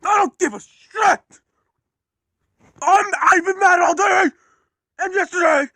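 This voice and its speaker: A man voicing an angry, foul-mouthed male steam engine who yells and swears in a high, strained voice. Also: lively intonation, normal speed, no echo, clean studio sound, full character voice. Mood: furious. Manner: yelling and swearing.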